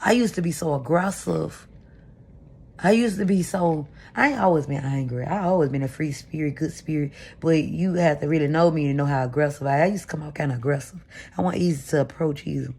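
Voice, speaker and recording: Gravelly low-voiced woman venting on camera. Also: brisk, a little mellow. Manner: candid, rambling, confessional. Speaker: vlogger. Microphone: camera mic.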